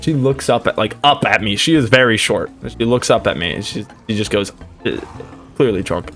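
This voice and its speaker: A man's voice: on the low side, normal speed, faint music behind. Rambling man telling a party story. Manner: animated, rambling, with frequent fillers. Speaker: streamer. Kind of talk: casual storytelling.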